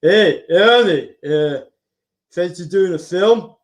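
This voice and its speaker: A man's voice: sits high, lively intonation, slow pace, voice pushed down. A man doing an impression of a famous action-movie star with a slurred, mumbling drawl. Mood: slurring, scheming.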